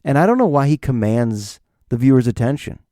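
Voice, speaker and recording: A man's voice: medium pitch, very animated, fairly quick, mellow, no room sound, clean studio sound. A man hosting his own podcast, rambling jokily through a solo monologue and talking to himself. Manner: rambling, jokey, talks to himself. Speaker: podcast host.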